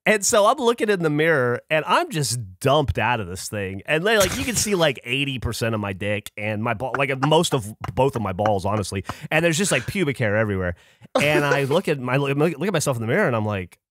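A man on a podcast spinning a story in loose, casual chat, his pitch jumping all over as he gets into it. He swears freely and keeps the energy up. The sound is dry and close, with no room around it. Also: very animated, brisk, fairly bright tone, no echo. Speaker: podcast co-host.

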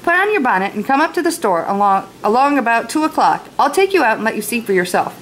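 A woman's voice: fairly high pitch, sing-song, fast, fairly bright tone, slight background noise. A woman reading aloud, voicing a kindly, teasing pioneer father from a storybook.

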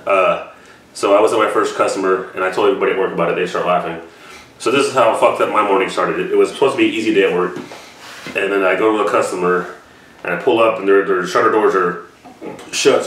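Fast-talking swearing man. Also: deep voice, a bit bright, a little hiss or hum. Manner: rambling and heavy swearing. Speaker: reaction channel host. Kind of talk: casual storytelling to camera. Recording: echoey room from far off.

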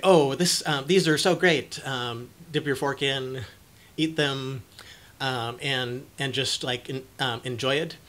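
A young man giving casual advice to camera, speaking haltingly with many fillers and restarts, and growing animated when he acts out an excited parent. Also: mid-range voice. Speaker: video presenter on cluttering.

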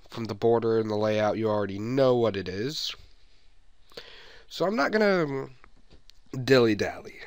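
A young man rambling playfully as he comments on a video game he is playing. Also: mid-range voice. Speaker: let's play host. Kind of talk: let's play commentary.

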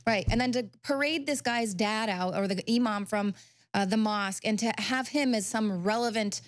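A woman's voice: mid-range voice, normal speed, dry recording. A woman co-hosting a heated political talk show, speaking in an indignant, emphatic way. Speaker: co-host.

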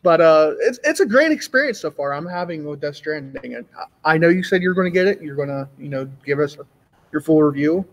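A man co-hosting a casual gaming podcast, enthusiastic and profane, with halting restarts. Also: fairly high pitch, lively intonation.

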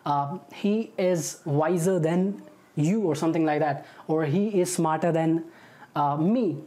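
A woman's voice: sits low, a little slow, mellow. A woman with an Indian English accent teaching an online grammar lesson, explaining patiently and checking in with "okay" and "right".

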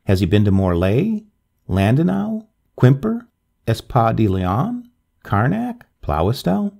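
A man voicing a dignified, pious Breton fisherman with a strong foreign accent in a storybook reading, speaking gravely. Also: mid-range voice, huge pitch swings, takes it slowly, dark tone, exaggerated voice.

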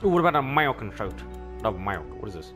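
A young man giving let's-play commentary, excitable and joking, often yelling and reacting loudly. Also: fairly low pitch, fast, soft background music. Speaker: gaming YouTuber.

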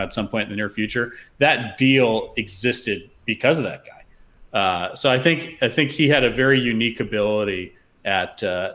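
Low-voiced man, thoughtful interview guest. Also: bright, forceful tone. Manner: thoughtful, storytelling, many "uh" fillers. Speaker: podcast guest, fund founder. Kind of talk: casual interview chat.

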